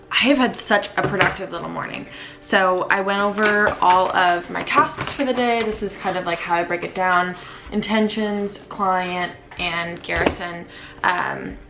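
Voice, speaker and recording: Young female vlogger, chatty and easygoing, a touch of fry, middle pitch. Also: noisy background. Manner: chatty, self-aware, with many fillers. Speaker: lifestyle vlogger. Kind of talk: casual vlog chat. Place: her apartment.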